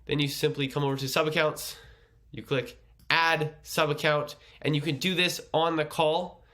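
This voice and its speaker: A man's voice: fairly high pitch, flat delivery, normal speed, bright, forceful tone. A man running a casual tutorial, chatty and explaining things step by step. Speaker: agency owner teaching a course.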